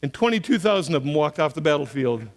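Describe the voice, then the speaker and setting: A man, preaching a sermon as pastor, telling stories and acting out voices with big swings in pitch and loudness. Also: fast. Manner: storytelling, acts out voices of soldiers and God, animated swings in pitch and loudness.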